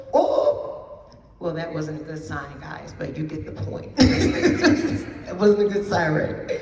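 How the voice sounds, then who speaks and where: A woman's voice: lowish voice, darkish tone. A woman giving an emphatic personal testimony as a keynote speaker at an event, repeating phrases for effect. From New Jersey. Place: event hall. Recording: roomy hall from a distance.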